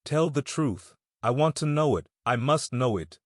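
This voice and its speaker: A man's voice: mid-range voice, animated, a little slow, no echo, studio quality. A man reading an audiobook, voicing a middle-aged grieving mother who pleads and sobs for the truth about her son's death. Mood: grieving, pleading. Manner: sobbing, pleading. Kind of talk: audiobook character voice.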